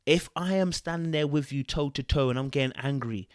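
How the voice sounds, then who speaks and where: A man, hosting a podcast and reading out fan comments in a chatty, animated way that often repeats itself. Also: a little high, fairly quick, no echo, studio quality. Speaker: podcast host.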